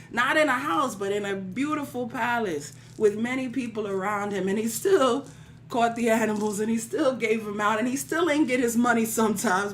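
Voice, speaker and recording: A woman's voice: medium pitch, slight background noise. A woman leading a livestream prayer teaching, preaching in casual, colloquial speech, repeating phrases rhythmically and calling out listeners by name. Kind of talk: livestream sermon-style teaching.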